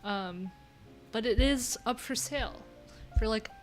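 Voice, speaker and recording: A woman's voice: a little high, unhurried, soft background music. A woman from New York with a nasal voice, chatting candidly and rambling on a casual livestream from a room at home.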